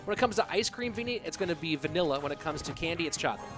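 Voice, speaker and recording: A young man with a high, bright-pitched voice calls a live esports match. He cracks jokes and answers chat questions between the action. Faint music plays in the background. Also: expressive, racing. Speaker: esports caster. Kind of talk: live game commentary and reading chat.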